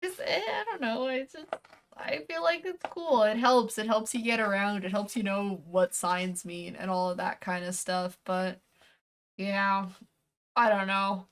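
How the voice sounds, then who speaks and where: A woman's voice: medium pitch, measured pace. A woman streamer chatting casually while unboxing, rambling and correcting herself, with a casual swear here and there.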